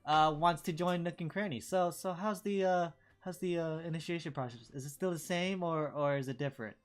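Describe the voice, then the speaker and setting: A man voicing a short, brash male guild founder who talks loudly and brushes things off. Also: fairly high pitch, brisk, clean tone, pitched above the performer's own voice, natural voice. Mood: dismissive.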